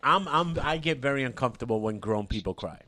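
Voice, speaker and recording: A man's voice: medium pitch, expressive, brisk, pushed and bright. A man hosting a casual podcast, prompting a guest with blunt questions. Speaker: podcast host.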